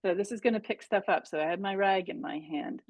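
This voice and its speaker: Speaking fast in a mid-range voice with no echo, a middle-aged pastel art instructor leads a live online painting demonstration. She chats and thinks aloud while she works over the video call.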